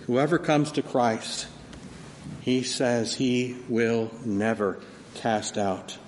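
Male pastor, sermon. Dynamic, unhurried, echoing sanctuary. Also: mid-range voice, slight background noise. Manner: dynamic preaching, swinging from soft to loud emphasis. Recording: long hall reverb, faint ambience.

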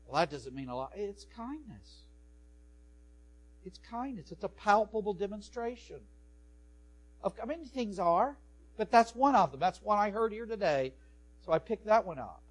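A man, a pastor, preaching a sermon with animated swings from soft to loud. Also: high voice, normal speed. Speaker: pastor and professor.

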